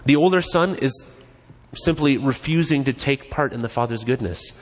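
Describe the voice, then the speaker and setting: Pastor guy preaching in a casual, jokey way, mid pitch, voice echoing long in a church hall. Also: normal speed. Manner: casual, joking, animated. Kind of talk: conversational sermon. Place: church sanctuary.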